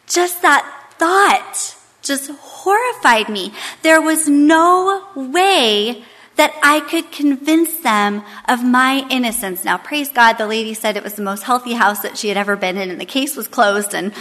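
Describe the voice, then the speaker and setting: A woman in her thirties with a high, bright voice talks to a women's group in a chatty, rambling way. She leads a Bible study, and her voice carries a long hall reverb. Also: moderate pace. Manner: chatty, many fillers and restarts. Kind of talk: casual storytelling to a women's group.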